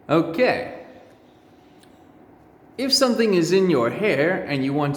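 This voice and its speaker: Man teacher, unhurried, stretches each word for kids; roomy echo. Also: a little high, expressive. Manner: drawn-out, exaggerated word drills. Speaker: English teacher. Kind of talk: slow repeat-after-me pronunciation lesson for children. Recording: echoey room with long reverb.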